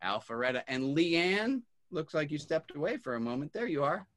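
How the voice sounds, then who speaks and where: A man's voice: fairly high pitch, big pitch swings, moderate pace, crowd noise. Friendly man hosting a video call. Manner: friendly, greets each guest by name. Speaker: host of an online class. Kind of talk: casual roll call on a video call. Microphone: computer mic on a video call.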